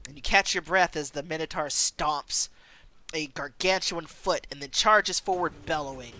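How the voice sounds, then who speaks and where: A woman streamer reading a story game aloud, expressive and quick to laugh. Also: deep voice, faint music behind. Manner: expressive, laughs between lines.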